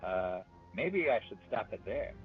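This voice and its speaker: Animated man narrating a game story. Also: on the low side, measured pace. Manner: animated, amused, chatty. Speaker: gaming storyteller. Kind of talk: playful story narration over gameplay. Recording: dull, muffled recording with faint music.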